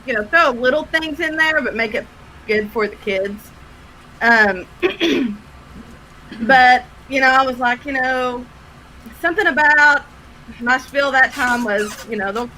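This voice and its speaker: High, bright-voiced woman telling stories. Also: slight background noise, poor audio. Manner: animated, loud, laughs through stories, swears. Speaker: haunted attraction actor, guest. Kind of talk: casual storytelling chat. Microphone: video call.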